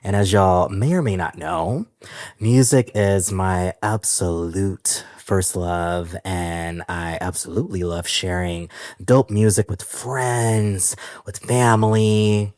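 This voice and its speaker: Playful low-voiced male podcast host. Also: slow, no echo, studio quality. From San Francisco Bay Area. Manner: animated, playful, laughs often, chatty slang. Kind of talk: casual solo podcast chat.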